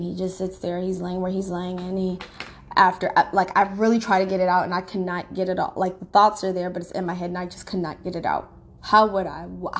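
A woman telling a painful personal story in a halting, emotionally raw way, often restarting her sentences and swinging from quiet to sharp outbursts. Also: mid-range voice.

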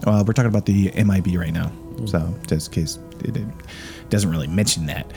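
A man's voice: low-pitched, a little fast, vocal fry, mellow, soft background music. A man co-hosting a casual podcast, reading a strange account aloud and rambling with crude jokes and laughter. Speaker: podcast co-host.

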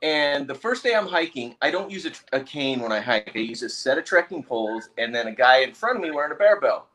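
A man, a motivational speaker guest on an interview show, telling an animated anecdote with laughter. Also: mid-range voice, a little fast, slight background noise. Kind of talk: storytelling in an interview.

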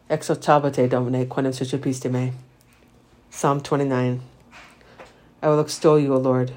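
A man reciting the Divine Office, reading psalms and lessons in a steady liturgical recitation. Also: medium pitch. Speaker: prayer leader.

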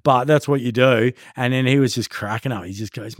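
A man, a podcast guest chatting casually and telling animated, profanity-filled stories. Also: medium pitch, brisk, no room sound, clean studio sound. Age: 40s. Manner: swears a lot, animated storyteller acting out quotes. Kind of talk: casual chat.

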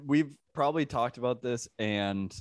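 A man's voice: medium pitch, moderate pace, no echo, clean studio sound. A young man co-hosting a podcast in laid-back casual chat, often laughing. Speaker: podcast co-host.

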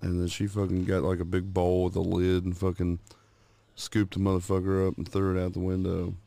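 A man's voice: low voice, monotone, a little fast, vocal fry, mellow, no echo. A man co-hosting a podcast in casual, swear-filled chat, telling stories and acting out the voices in them. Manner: swears constantly, acts out voices in his stories. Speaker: podcast co-host. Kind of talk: casual chat, crude storytelling.

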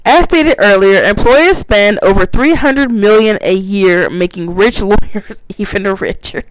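Unhurried and medium in pitch, a woman reads points aloud and tears into them in profane ranting commentary. She stays animated, swearing and laughing while acting out confrontations that mock their targets.

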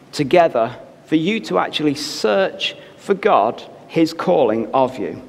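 Earnest male pastor preaching in a church. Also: on the high side. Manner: earnest, exhorting the congregation. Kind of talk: sermon. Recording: reverberant church with music behind.

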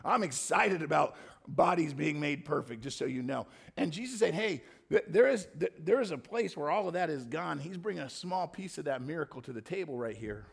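A man preaching a sermon to a congregation, talking casually and joking with them, then building up to fervent shouted pleas. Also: a little high, lively intonation, fairly quick, vocal fry, breathy edge. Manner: swings from soft asides to fervent shouted pleading prayers. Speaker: pastor.

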